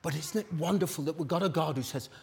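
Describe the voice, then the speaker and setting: A man's voice: fairly high pitch, fast, creaky, darkish tone, a little hiss or hum. A British man preaching a sermon at a church service in an exclamatory, rousing way, calling out to the congregation.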